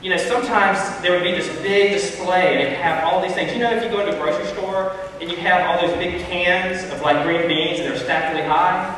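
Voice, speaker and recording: A man gives a storytelling Bible talk to children, chatting and asking them questions as he goes. His voice sits a bit high and comes from a distance. A long, roomy echo fills the church hall around him, with a faint hiss underneath. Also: fairly even intonation, a little fast, hardly any pauses, a bit bright. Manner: storytelling, conversational, addresses kids. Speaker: youth speaker. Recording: echoey hall, far from mic.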